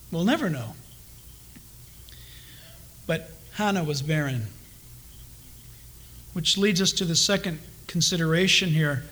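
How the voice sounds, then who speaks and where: A man preaching a Bible study sermon in an animated way, asking his listeners questions and acting out the people he quotes. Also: high voice. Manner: animated, asks the congregation questions, acts out quoted voices. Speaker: pastor. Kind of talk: expository sermon.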